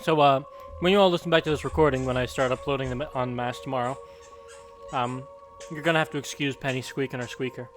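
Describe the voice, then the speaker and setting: A man in his twenties who runs the game chats in a loose, rambling way and chuckles now and then. His voice sits in a middle pitch, with faint music playing behind him. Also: steady tone, fast talker, a bit bright. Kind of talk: casual chat.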